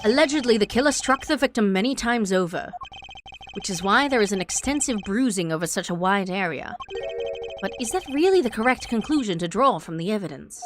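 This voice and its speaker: A woman voicing a calm, pompous male prosecutor who lays out deductions in a measured, deliberate way. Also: mid-range voice, music in the background, natural voice.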